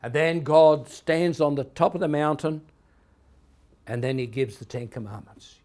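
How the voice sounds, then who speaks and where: A man preaching a sermon in a church, telling stories with emphatic swings in loudness. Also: a little high, measured pace. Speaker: pastor.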